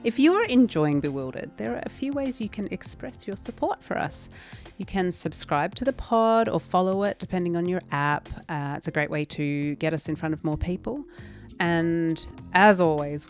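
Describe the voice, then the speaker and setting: A woman co-hosting a podcast, chatting casually and telling stories about herself in a playful, self-mocking way. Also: lowish voice. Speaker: podcast co-host. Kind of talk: casual chat.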